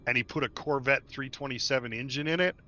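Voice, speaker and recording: Talkative guy hosting a game stream, sharp bright voice, dull dry sound. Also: medium pitch, fast. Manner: chatty, laughs often, repeats himself. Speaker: stream host. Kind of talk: casual chat while gaming.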